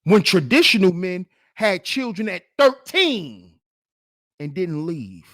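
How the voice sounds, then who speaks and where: A channel host commentator delivers a livestream commentary rant, speaking slowly with a lively pitch. He scolds mockingly and keeps repeating his taunts.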